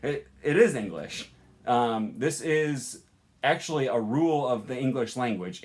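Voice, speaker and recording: A young man teaching a casual language lesson, chatty and informal, with many ums and uhs. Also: mid-range voice. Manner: chatty, lots of ums and uhs, laughs at own examples.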